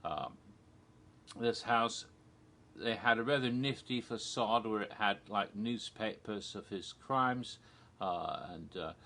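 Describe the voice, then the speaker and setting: A man with a fairly low, bright, forceful voice speaks slowly as he casually recounts theme park history solo. His storytelling is rambling and digressive, full of ums and restarts, and he chuckles at his own jokes.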